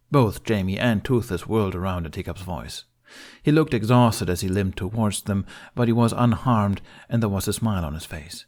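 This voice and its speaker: A man narrating fan fiction as an audiobook in a steady, emotional storytelling manner. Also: low-pitched, moderate pace.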